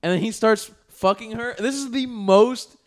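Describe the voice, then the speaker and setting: A man co-hosting a podcast, casually retelling a movie plot with crude slang. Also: high-pitched. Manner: animated, fast storytelling with crude slang. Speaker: podcast co-host.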